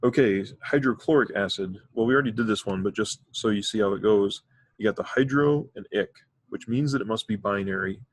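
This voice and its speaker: Briskly, a man with a lowish voice walks through a chemistry lesson step by step, with occasional fillers. The classroom lecture was captured as a dry recording.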